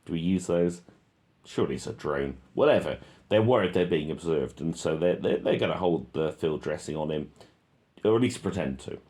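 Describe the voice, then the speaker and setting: A man's voice: extremely low pitch, expressive, moderate pace, warm tone. A man reading a transcript aloud and commenting on it, in an offhand way with many ums and self-corrections. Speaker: reader and commentator.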